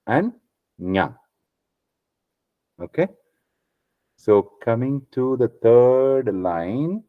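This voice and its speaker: A man's voice: on the low side, no echo, lo-fi sound. A man teaching a class on Sanskrit pronunciation, patiently repeating each sound and checking in with "okay" after almost every step.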